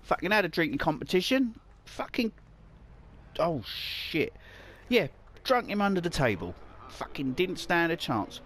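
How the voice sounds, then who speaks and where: A man's voice: fairly high pitch, big pitch swings, unhurried, long pauses, a bit bright, slight background noise. A man casually commenting on his own gameplay, muttering to himself and swearing often. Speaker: let's play gamer.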